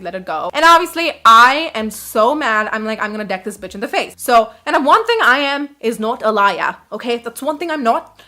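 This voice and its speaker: A woman's voice: medium pitch, bright, forceful tone. A young woman in her twenties telling a casual storytime, chatty and blunt, with lots of "like" and swearing.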